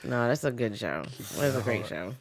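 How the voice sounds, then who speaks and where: A woman's voice: very deep voice, animated, normal speed, slight background noise. A woman co-hosting a podcast in casual chat, direct and teasing as she steers the topics. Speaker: podcast co-host.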